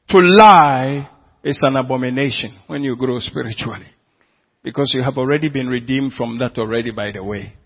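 A man's voice: medium pitch, breathy edge, muffled recording. A man preaching a sermon as pastor, pressing the congregation with repeated questions.

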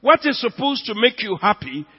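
A man preaches a sermon in a high, ringing voice, dropping to near hushes and then surging loud as he stretches key words. The recording is dull and lo-fi, with a long reverb trailing through the church hall. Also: very animated, normal speed, slightly rough. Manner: swings from hushed to loud, drawing out words for emphasis. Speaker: pastor.

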